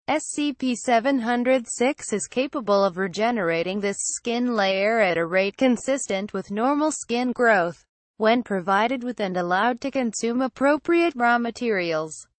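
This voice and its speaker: A woman narrating a horror story in a measured, clinical reading style. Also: on the high side, expressive, no room sound.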